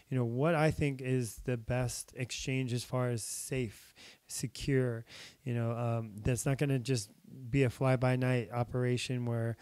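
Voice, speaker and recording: A man's voice: mid-range voice, a little mellow, smooth, no room sound. A young man hosting a casual trading tutorial, talking through charts with many fillers while he is losing his voice. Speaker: crypto trading channel host.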